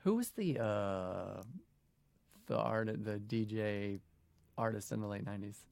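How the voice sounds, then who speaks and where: A man in his forties co-hosting a casual podcast chat, wry and quick to laugh. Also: on the low side, lively intonation, vocal fry, a little mellow, no echo. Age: 40s. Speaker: podcast co-host.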